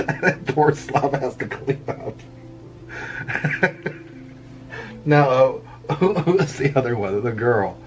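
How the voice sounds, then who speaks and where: A middle-aged male vlogger chats casually while he draws, wandering through a story and often chuckling at his own jokes. His voice sits in the mid range with a little hiss or hum, and faint music plays in the background.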